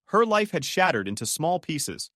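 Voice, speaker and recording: A man reading out a dramatic story, his pitch rising and falling a lot as he tells it. it is recorded close to the mic and sounds very dry, with no room around it. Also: very animated, moderate pace, bright, forceful tone, dry recording. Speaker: narrator. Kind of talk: scripted story narration.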